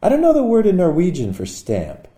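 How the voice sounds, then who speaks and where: A man reading his own poem in a wry, musing way, with sudden loud outbursts. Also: high-pitched, huge pitch swings, fairly quick, roomy sound. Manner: wry, musing delivery with sudden bursts of loudness. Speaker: poet. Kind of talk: poetry reading.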